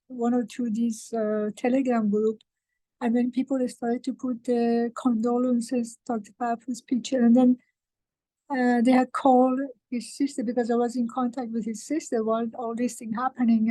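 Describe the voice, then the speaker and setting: Woman, meeting participant, emotional and halting, somewhat high, mellow voice. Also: no echo, low-quality recording. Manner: halting, emotional, many fillers and restarts. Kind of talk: casual group-meeting talk.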